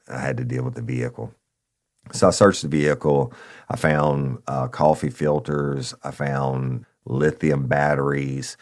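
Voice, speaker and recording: Speaking a little slowly with little pitch movement, a man who used to be a narcotics officer recounts a true crime tale. His voice is very deep and gravelly, and his manner is blunt and profane, calling his listeners y'all.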